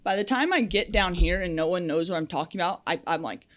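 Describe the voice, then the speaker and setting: A woman's voice: fairly low pitch, expressive, fast. A young adult woman who works as a lineman, talking candidly and outspokenly in a casual podcast interview, with frequent fillers. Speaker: powerline lineman guest.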